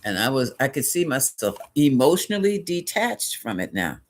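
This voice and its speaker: A man's voice: medium pitch, big pitch swings, normal speed. Rambling man hosting a live stream. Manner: rambling and chatty, drifts off topic and corrects himself; greets viewers by name and answers chat. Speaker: host of a spiritual tarot live stream. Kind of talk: casual live-stream chat with viewers.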